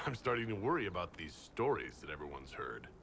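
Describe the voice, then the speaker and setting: Very deep dry sarcastic game hero, swoopy delivery, loud hiss in the audio. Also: male voice, very animated, a little fast. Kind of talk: video game voice acting.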